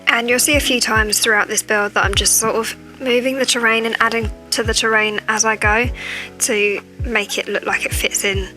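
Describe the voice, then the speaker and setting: A woman's voice: fairly high pitch, fairly even intonation, moderate pace, soft background music. A woman with a chatty manner, keeping her voice down as she records a casual voiceover on a cheap, tinny microphone at home late at night. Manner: talking quietly, chatty. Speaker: gaming video creator.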